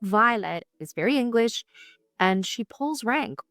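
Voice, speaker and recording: A woman's voice: on the high side, animated, a little slow, fairly bright tone, no echo, clean studio sound, soft background music. A woman with a Canadian accent speaking in a TV documentary interview, chatty and wry. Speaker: guest on a family history TV show.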